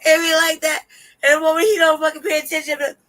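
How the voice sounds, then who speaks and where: A woman's voice: high-pitched, little pitch movement, fast talker, fairly bright tone, low-quality recording. A woman hosting a live stream, telling candid personal stories in casual chat. She swears freely, laughs often and acts out what she and others said.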